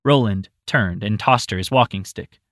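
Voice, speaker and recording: A man narrating a storybook in an expressive reading voice. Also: on the low side, normal speed, no room sound, clean studio sound.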